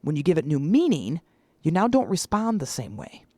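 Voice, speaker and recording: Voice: mid-range voice, wildly swooping pitch, moderate pace, darkish tone, no echo, studio quality. A podcast host in their forties talking casually on their own, acting out the voices in their stories. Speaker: podcast host and public speaker. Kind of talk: casual solo podcast monologue.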